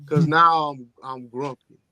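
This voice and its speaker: A man co-hosting a casual chat show, tired and talking in a low-key monotone. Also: measured pace. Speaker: podcast co-host.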